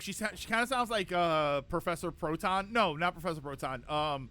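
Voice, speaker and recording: A man's voice: high-pitched, lively intonation, normal speed, few pauses, pushed and bright. A man streaming gameplay live, chatting and joking with viewers while reacting aloud to the game.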